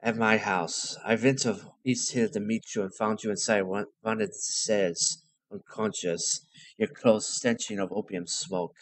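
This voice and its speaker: A man voicing a calm, caring middle-aged German doctor, putting on a German accent and speaking slowly and low. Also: dry recording. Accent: put-on German.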